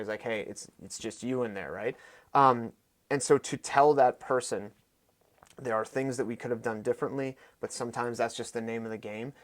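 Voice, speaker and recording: A man in his thirties, a fight coach and podcast guest, telling stories in an animated, emphatic way with quick bursts of speech. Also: mid-range voice. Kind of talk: conversational storytelling.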